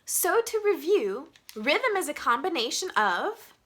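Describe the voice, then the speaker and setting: Young female music teacher, high and bright, chatty explainer who chants the beats. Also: big pitch swings, a little slow. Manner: chatty, demonstrates syllables by chanting them. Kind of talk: explaining rhythm to students.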